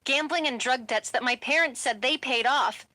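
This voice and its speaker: A woman's voice: sits high, moderate pace, bright, forceful tone. A woman voicing a sad young male werewolf who speaks in a subdued way.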